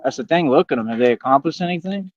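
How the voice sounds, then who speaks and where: A man's voice: on the high side, animated, fast, dry recording, lo-fi sound. A man in a casual livestream rant, using street slang, repeating himself and talking straight to his viewers. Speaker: livestream host.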